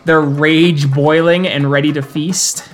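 Slow-talking man narrating a game. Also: fairly high pitch, steady tone, faint music behind. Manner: slow, loose narration with filler words. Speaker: storyteller.

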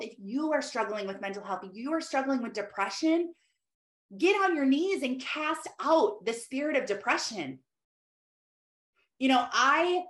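A woman's voice: fairly high pitch, fairly bright tone. A middle-aged woman giving earnest devotional teaching, exhorting listeners between loose asides. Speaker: Christian teacher. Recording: roomy echo.

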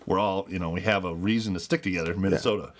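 Male podcast co-host, low register, playful, reads mail with side comments. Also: steady tone, quick pace. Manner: joking, reads listener letters aloud with asides. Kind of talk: casual podcast chat.

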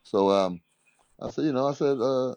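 A man, a former basketball player, telling a casual anecdote in an animated way, laughing often and repeating "he said". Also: medium pitch, moderate pace, dry recording.

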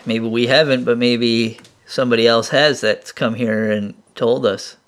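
A man's voice: mid-range voice, steady tone, unhurried. Laid-back man chiming in. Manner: laid-back, chimes in with short remarks. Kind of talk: casual chat.

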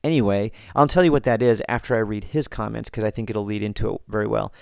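An American man hosting a podcast, reading listener comments and chatting in a relaxed, rambling way with frequent restarts. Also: lowish voice, fast, vocal fry, smooth, no echo, clean studio sound. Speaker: podcast host.

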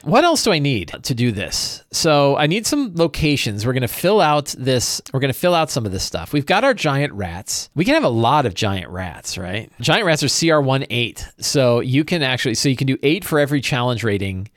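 A man's voice: mid-range voice, very animated, moderate pace, few pauses, dry recording, clean studio sound. A man acting as game master, casually thinking aloud on a livestream, often checking in with "right?" and restarting his phrases. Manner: frequent restarts and repeated words.

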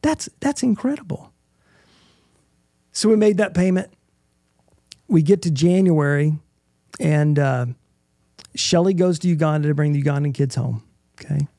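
A middle-aged man, a guest in an interview, earnestly telling a personal testimony in halting bursts with restarts. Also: on the high side, lively intonation, dark tone, no room sound, clean studio sound.

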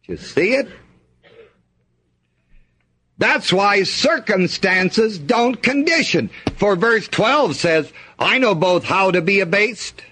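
Husky, slow-talking preacher man. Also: high voice, animated, bright, forceful tone. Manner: reads scripture aloud and asks the congregation to fill in words. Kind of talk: sermon.

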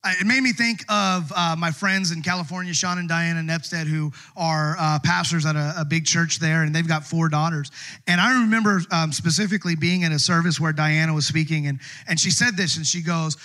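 A middle-aged pastor preaching in a church, talking to the room like friends and often restarting his sentences. His voice sits high for a man and has a bright, forward ring. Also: steady tone, moderate pace. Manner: conversational, self-deprecating, with many restarts. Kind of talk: sermon. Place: church sanctuary.

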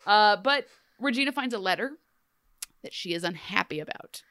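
A woman co-hosting a casual TV recap chat, sarcastic and animated, with many "like"s. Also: medium pitch, moderate pace, dry recording, clean studio sound. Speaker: podcast co-host.

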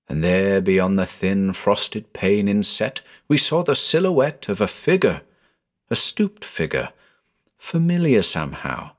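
Slow, lively-voiced male storyteller. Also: deep voice. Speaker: narrator. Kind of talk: storybook narration.

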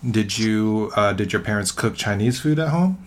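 A man's voice: lowish voice, expressive, moderate pace. A man interviewing a guest, asking short curious questions. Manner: curious, brief questions and backchannel.

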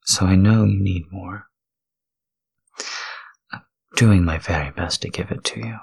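Low gravelly guy doing a whispered role-play, breathy and halting, soft and tender. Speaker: podcast host.

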